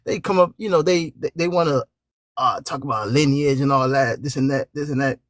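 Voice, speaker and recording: A man's voice: medium pitch, moderate pace, a bit bright, no echo, clean studio sound. A man on a live debate panel, arguing emphatically and mocking his opponent, laughing between jabs. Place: at home.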